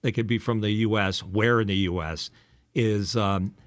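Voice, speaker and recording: A man's voice: fairly low pitch, fairly even intonation, normal speed, dry recording, studio quality. Older man with a polished radio voice. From eastern United States. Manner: teasing, rambling, filler-heavy. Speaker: podcast host and former radio DJ. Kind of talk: casual chat.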